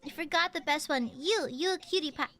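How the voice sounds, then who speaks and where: A woman's voice: sits high, normal speed, pushed and bright, faint music behind. A young woman with a subtle Southern US accent, chatting casually and playfully as a streamer while reading donations. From United States. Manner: chatty, playful, pouty teasing.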